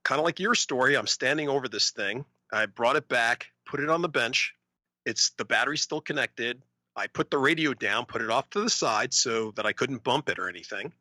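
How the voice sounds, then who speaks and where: A man co-hosting a podcast, telling a story in a casual, animated way and acting out the voices of other people. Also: mid-range voice, brisk, dry recording. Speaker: podcast co-host.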